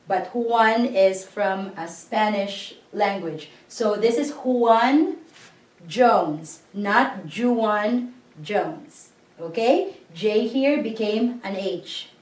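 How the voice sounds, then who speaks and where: Slow, patient woman teaching in an echoey room. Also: on the high side, a little mellow. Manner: spells out syllables slowly, asks learners to repeat. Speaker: language teacher. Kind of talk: slow patient language lesson. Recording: echoey room, voice a bit far from the mic.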